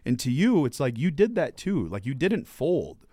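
A man's voice: mid-range voice, sing-song, normal speed, mellow, no room sound, studio quality. A man hosting a podcast in casual conversation, earnest and encouraging, telling stories with quoted dialogue. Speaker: podcast host.

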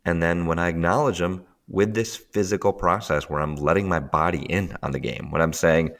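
A tapping teacher appearing as a podcast guest explains emotional tapping in a low-pitched voice, talking fairly quickly with hardly any pauses. He's animated and laughs often, acting out the inner voices people hear.

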